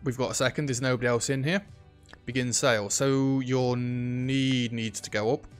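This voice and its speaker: A man's voice: medium pitch, fairly even intonation, moderate pace, clean tone, soft background music. A man chatting and joking through a shop management game, talking to the customers on screen. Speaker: gaming YouTuber. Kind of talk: let's play commentary.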